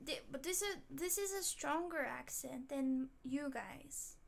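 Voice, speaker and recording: High-pitched woman streaming, just chatting w chat and reacting to stuff. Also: unhurried, creaky, fairly bright tone. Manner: chatty, talks straight to chat, reacts aloud. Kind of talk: casual live-stream chat.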